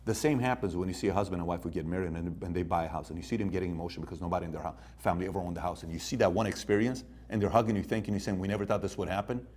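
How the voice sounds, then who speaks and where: A man's voice: low voice, rapid-fire, hardly any pauses, a little mellow, breathy edge. A man giving a motivational talk, telling stories in a punchy way and putting questions to his listeners. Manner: storytelling, punchy, asks the room questions. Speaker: motivational speaker.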